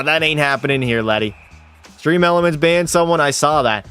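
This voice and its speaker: A young Canadian gaming streamer plays a hockey game, doing excitable mock sportscaster calls and bantering with chat, swearing now and then. His voice is a little high, fairly quick and clean in tone, with soft music in the background.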